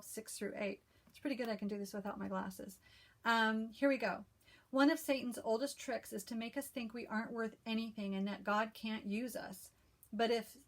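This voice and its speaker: A woman hosting a casual stitching vlog, who chats and reads a devotional aloud in a calm, soothing voice with frequent restarts. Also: on the high side. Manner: chatty, with frequent restarts and fillers. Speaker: cross-stitch video host. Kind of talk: casual chat and devotional reading.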